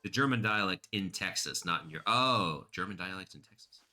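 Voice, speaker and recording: A man's voice: deep voice, lively intonation, normal speed, bright, forceful tone. A man streaming a game, rambling casually and chatting with his viewers. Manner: rambling, chatty, reads chat aloud. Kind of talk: casual gameplay commentary.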